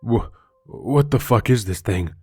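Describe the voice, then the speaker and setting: A man's voice: deep voice, animated, measured pace, no echo, soft background music. A man voicing a frightened young male college roommate who stammers in panic. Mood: terrified.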